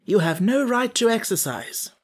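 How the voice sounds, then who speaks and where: A man's voice: high voice, animated, moderate pace, pitched above the performer's own voice. A man voicing a vain, touchy straw king who lectures in a grand manner, in a storybook audiobook. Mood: lecturing. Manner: grand, lecturing, easily flustered. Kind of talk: audiobook character voice.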